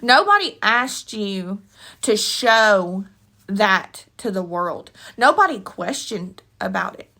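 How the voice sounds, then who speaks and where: A woman's voice: mid-range voice, big pitch swings, slow pace, sharp tone. A woman vlogging an emotional opinion rant, blunt and rambling with slangy asides, tearful and sniffly from crying. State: tearful, with a runny nose. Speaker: commentary vlogger.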